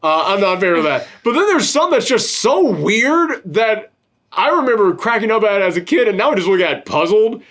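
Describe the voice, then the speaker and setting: A man's voice: high-pitched, a bit bright. A man hosting a casual film-review chat, rambling and swearing freely. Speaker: podcast host reviewing a film.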